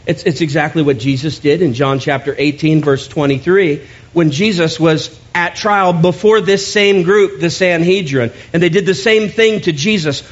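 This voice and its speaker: A man's voice: on the high side, normal speed, muffled recording. A man preaching a sermon to his church, talking in a conversational way with joking asides. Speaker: pastor.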